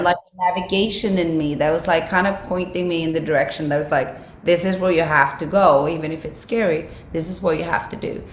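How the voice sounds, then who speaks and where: A woman with a low, raspy, husky voice that sounds a little broken. English is not her first language, and she talks reflectively, with plenty of "like" fillers and restarts. The sound is roomy, with a faint hum of background ambience. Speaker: actress, interview guest. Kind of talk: casual interview talk.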